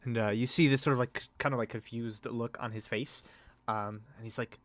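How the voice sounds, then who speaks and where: A man's voice: medium pitch, fairly even intonation, brisk, a bit bright, dry recording. A man narrating as game master in a tabletop game, rambling with many fillers. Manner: rambling, full of fillers and hedges.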